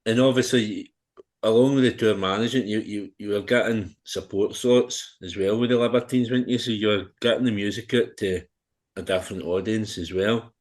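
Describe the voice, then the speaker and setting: A male podcast host with a lowish voice chats casually with his guest. He asks friendly, leading questions, adding fillers and tag questions like "weren't you?". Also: steady tone, brisk. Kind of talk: casual interview.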